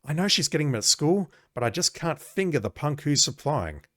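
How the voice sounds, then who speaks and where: A man's voice: mid-range voice, animated, normal speed, fairly bright tone, no room sound, studio quality, lightly acted. Male gamer doing a self-pitying game cop, mournful and a bit strained. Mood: glum. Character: gloomy, depressed middle-aged male cop.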